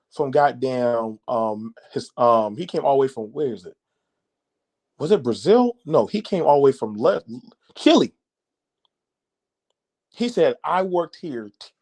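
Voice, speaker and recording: A man hosting a podcast, ranting loudly in a profane, mocking monologue with an American accent. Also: a little high. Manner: loud, animated, cursing, mocking. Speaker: podcast host.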